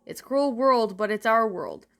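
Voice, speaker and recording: A woman's voice: on the high side, lively intonation, moderate pace, vocal fry. A woman doing a harsh male cartoon judge. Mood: stern. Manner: pronouncing sentence loudly.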